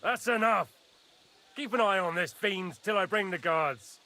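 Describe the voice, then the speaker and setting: A man's voice: high-pitched, moderate pace, pushed and bright, slight background noise. An actor playing a hot-tempered noble knight who barks and swears at the people in his camp. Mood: angry. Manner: angry, barking, foul-mouthed. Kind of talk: video game dialogue.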